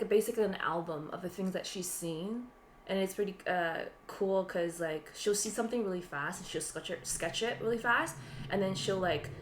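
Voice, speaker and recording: A woman with a lowish voice co-hosts a podcast, telling a rambling story in a casual chat. She retells it animatedly, laughing often and using plenty of fillers. There's slight background noise and a roomy echo on the recording.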